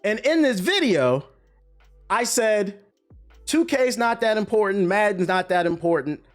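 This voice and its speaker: A man's voice: sits high, measured pace, faint music behind. A young man giving profane, emphatic commentary as a streamer reacting to a critic. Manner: animated, profane, emphatic ranting.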